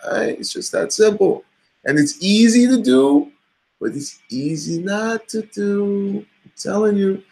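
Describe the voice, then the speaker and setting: A man's voice: high voice, lively intonation, a little slow, gravelly, mellow, low-quality recording. A middle-aged man vlogging casually, giving a blunt, profane pep talk. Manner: blunt, swears freely, motivational pep talk. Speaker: vlogger and coach. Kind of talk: casual talking-head vlog.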